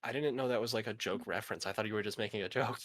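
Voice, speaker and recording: A man's voice: fairly low pitch, rapid-fire, fairly bright tone. A man in his twenties chatting casually with a friend, swearing now and then and reading facts aloud. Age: 20s. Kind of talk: casual chat.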